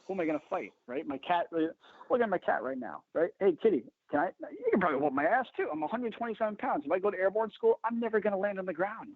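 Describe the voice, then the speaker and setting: Man, podcast guest, rambling, profane, jokey, husky voice, tinny phone line. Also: high-pitched, sing-song, fast, no room sound. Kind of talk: casual chat.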